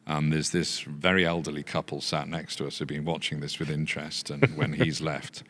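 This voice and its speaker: Older guy, super deep voice, rambling through a story with lots of uhs. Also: normal speed. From Yorkshire. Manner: relaxed storyteller with fillers. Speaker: guest, business founder. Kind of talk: anecdotal chat.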